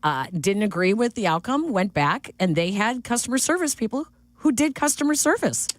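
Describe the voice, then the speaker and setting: A woman co-hosting sports radio, chatty and animated, with lots of fillers and restarts. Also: on the high side, moderate pace, no room sound. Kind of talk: casual sports talk. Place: radio studio. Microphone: studio mic.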